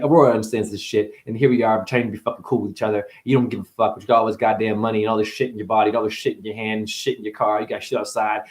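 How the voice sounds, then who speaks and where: Guy doing a rambling swear-filled spiritual rant, wordplay everywhere, mumbles then yells. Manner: profane, wordplay-driven, jumps between wild pitch swings and mutters. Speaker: spiritual speaker. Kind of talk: rambling monologue.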